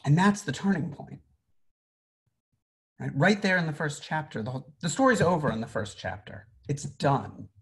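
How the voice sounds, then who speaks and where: A man's voice: on the high side, expressive, normal speed, a bit bright. Chatty rabbi, man, teaching with many fillers. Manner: conversational, many fillers and restarts. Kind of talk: informal Torah teaching.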